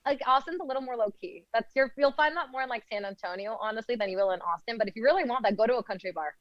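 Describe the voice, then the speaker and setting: Young woman from Arizona, a bit high, rattles things off quickly, casual podcast guest, dull lo-fi recording. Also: no echo. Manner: chatty, heavy use of "like". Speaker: guest, law student.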